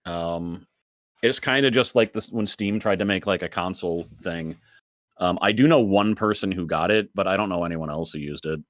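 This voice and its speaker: A man's voice: low-pitched, normal speed, dry recording, studio quality. A man co-hosting a casual gaming podcast, rambling with lots of fillers and frequent laughter. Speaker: podcast co-host. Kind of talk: casual chat.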